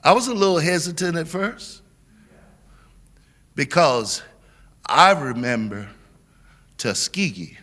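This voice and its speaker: A middle-aged man giving a sermon as guest preacher, with a preaching cadence, repeated words and a build to shouting. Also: a little high, lively intonation, takes it slowly, long pauses. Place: church sanctuary. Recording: long church reverb.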